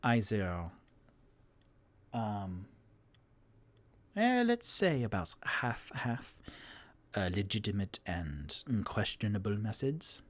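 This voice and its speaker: A man voicing an adult woman with a put-on French accent, speaking slowly and measuredly with hesitant pauses. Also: lowish voice, big pitch swings. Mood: informative.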